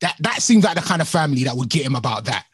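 A man's voice: medium pitch, big pitch swings, very fast. A young man co-hosting a live chat show, heated and slangy, laughing often. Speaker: co-host of a live discussion stream. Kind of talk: casual chat.

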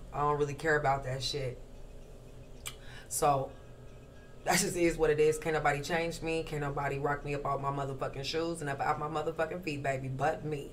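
A woman's voice: sits low, a little hiss or hum. A woman giving a casual tarot reading to camera, brash, profane and slangy, rattling off rhythmic lists and smoking while she talks. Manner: smoking and crunching ice while talking. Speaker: tarot reader.

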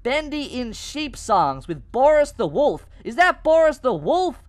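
A woman's voice: high-pitched, big pitch swings, unhurried, a little mellow. A woman doing gameplay commentary, wondering aloud and sounding squeamish at what she finds. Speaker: let's player.

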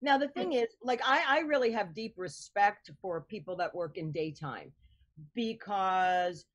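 A woman's voice: medium pitch, animated, unhurried. A woman hosting a podcast interview, chatty and enthusiastic, who laughs easily. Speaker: podcast host. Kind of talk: casual interview chat.

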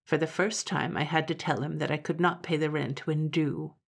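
A woman voicing a poor, worried old country grandfather who speaks gravely in old rustic speech. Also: deep voice, steady tone, normal speed, exaggerated voice. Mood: solemn.

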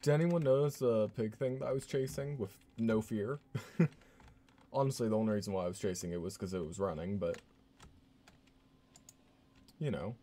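A man streaming a horror game, chatting casually and joking as he plays. His voice is low and warm. He laughs often and talks in a loose, chatty way. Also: moderate pace, pauses often. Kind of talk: casual gameplay commentary.

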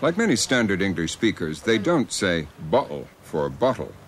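A man's voice: deep voice, very animated, moderate pace. A man giving scripted documentary narration.

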